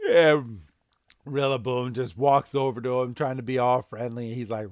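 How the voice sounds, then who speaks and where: A man's voice: medium pitch, moderate pace, no echo, clean studio sound. A man hosting a podcast, recapping a cartoon episode casually and acting out scenes. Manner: animated, acts out scenes. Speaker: podcast host.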